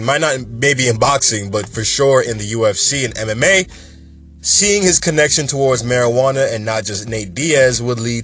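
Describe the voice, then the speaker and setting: A man hosting a casual cannabis news show, talking in an animated, chatty and emphatic way. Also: medium pitch.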